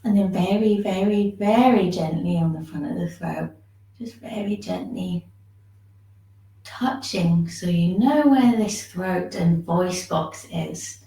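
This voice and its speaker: A woman teaching a shiatsu class, giving gentle, soothing step-by-step instructions for self-massage. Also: lowish voice, slow, roomy sound, far from the mic, rough recording. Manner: gentle, soothing instructions, yawning now and then.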